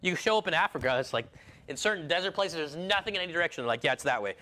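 A man's voice: a little high, animated, rapid-fire, pushed and bright. A man preaching a sermon in a rambling way, full of restarts and personal asides.

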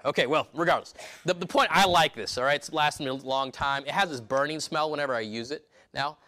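A pastor preaching a sermon in church, emphatic, with repeated restarts and rhetorical questions. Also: male voice, a little high, fairly quick, pushed and bright.

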